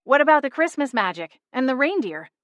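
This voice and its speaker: A woman voicing a bold, quick-witted young witch who talks in a brisk, commanding way. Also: high-pitched, sing-song, a bit bright, no echo, voice pushed up. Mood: demanding.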